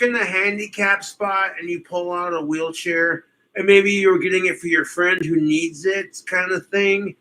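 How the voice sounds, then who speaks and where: A man's voice: sits high, fairly even intonation, measured pace, sharp tone, poor audio. A man streaming his reactions to videos, talking in a loose, rambling, profane way and often slipping into mocking impressions.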